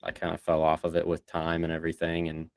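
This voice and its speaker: A man's voice: sits low, completely flat delivery, fast talker, creaky. A man co-hosting a podcast in easygoing, agreeable casual chat. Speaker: podcast co-host.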